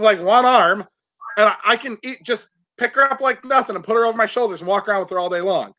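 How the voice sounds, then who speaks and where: Bright, high-voiced chatty man. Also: quick pace, dry recording, muffled recording. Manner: laughing, boastful and candid. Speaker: guest. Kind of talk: casual chat.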